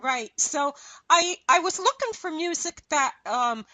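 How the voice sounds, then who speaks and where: A middle-aged woman hosting a radio show, talking in a rambling, chatty and animated way. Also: high-pitched, a little slow, no room sound. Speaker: radio host. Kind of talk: casual radio chat.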